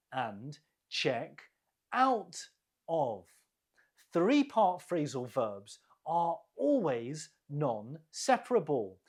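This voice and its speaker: An English teacher runs a quiz for learners at a very slow, careful pace, saying each word twice. The voice is husky, with a lively rise and fall of pitch. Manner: deliberate, repeats each word, explains stress.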